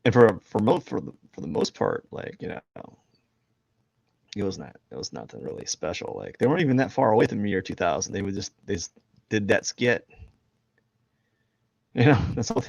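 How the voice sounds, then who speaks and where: A man's voice: lowish voice, very animated, a little fast, gravelly, a little mellow, dry recording. A man chatting casually on a live drawing stream, rambling and jokey, laughing at himself. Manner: rambling, jokey, self-deprecating, laughs a lot. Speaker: streaming artist. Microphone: headphones and desk mic.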